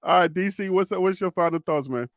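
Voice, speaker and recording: A high-voiced man hosts a casual sports chat show, teasing his panel loudly and laughing often. His voice is recorded dry and close, with little room sound. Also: a little fast, no echo. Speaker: podcast host. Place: home studio.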